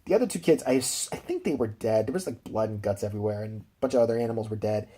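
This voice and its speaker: A man's voice: on the low side, expressive, very fast, mellow, breathy edge. A man recapping a film in a rambling, profane, casual way with laughing asides. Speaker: film reviewer.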